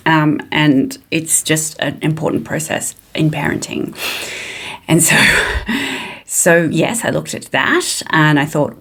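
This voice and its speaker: A woman's voice: low-pitched, animated, slow pace, a bit bright, husky. A middle-aged woman telling a personal story in a chatty, self-deprecating way with many fillers. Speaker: vlogger.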